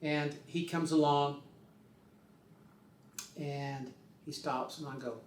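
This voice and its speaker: A man's voice: a little high, fairly even intonation, slow pace, a little hiss or hum. An older man telling a rambling, casual story, slipping into other people's voices as he goes. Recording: roomy sound, distant from the mic.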